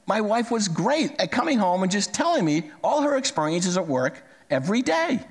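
Gravelly older man telling a story. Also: high-pitched, very animated, moderate pace. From United States. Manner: plain-spoken, conversational, straightforward. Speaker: speaker telling a personal story. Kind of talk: storytelling talk.

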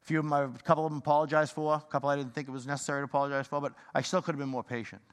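New guy preaching, gets fired up then goes quiet, bit high voice, long echo in the church hall. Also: flat delivery, very fast. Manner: fired-up, rambling, swings from loud to hushed. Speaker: pastor. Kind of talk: sermon.

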